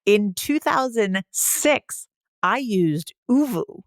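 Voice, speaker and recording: Lively laughing woman co-host, dry sound. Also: on the high side, slow pace, dry recording. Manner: animated, laughs often, swears casually. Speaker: podcast co-host. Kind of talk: casual chat.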